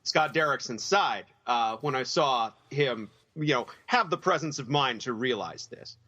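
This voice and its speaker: A man co-hosting a casual podcast discussion, blunt and forceful, swearing freely. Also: mid-range voice, lively intonation, unhurried, lo-fi sound. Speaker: podcast co-host.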